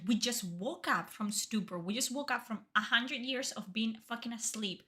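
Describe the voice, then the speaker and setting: Young woman game streamer: sharp, bright tone, blunt and emphatic, swears freely. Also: a little high. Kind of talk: livestream game reaction.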